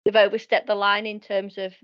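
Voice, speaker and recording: A woman's voice: medium pitch, monotone, a little fast. A woman speaks on a video call, hesitant and full of ums as she builds her point. The sound is dull and lo-fi, like compressed call audio. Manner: hesitant, many ums and restarts. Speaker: panelist. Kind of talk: casual video-call discussion.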